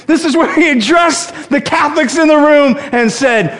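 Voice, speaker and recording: A married man delivers a sermon in a strikingly high voice for a man. He is humorous and animated, slipping into quick acted-out quotes as he teaches. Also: noisy background. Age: adult, married. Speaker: pastor.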